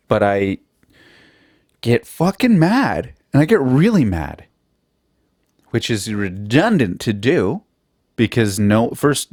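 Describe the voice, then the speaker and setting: Solo podcast host, male, lowish voice, dry booth sound; loose, foul-mouthed, self-deprecating comic rambling. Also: a little mellow, dry recording. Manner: rambling, profane and self-mocking. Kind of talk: casual comedic monologue.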